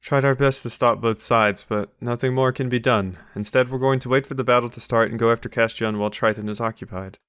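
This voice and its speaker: A man's voice: medium pitch, steady tone, a little fast, few pauses, a bit bright, clear, resonant tone, no echo, studio quality, close to an everyday voice. A man reading as a matter-of-fact heroine. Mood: plain. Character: determined female guild leader.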